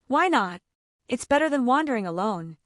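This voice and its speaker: A woman's voice: on the high side, big pitch swings, normal speed, no echo, studio quality. Sad, weary old dog for a storybook, sighing and mournful, voiced by a woman.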